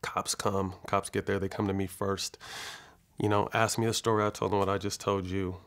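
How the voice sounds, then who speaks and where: A man's voice: low-pitched, level tone, normal speed, fairly bright tone. A man from California, a guest in an interview, telling a long personal story frankly and with profanity, acting out the dialogue as he goes. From California, USA. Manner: rambling, with frequent restarts.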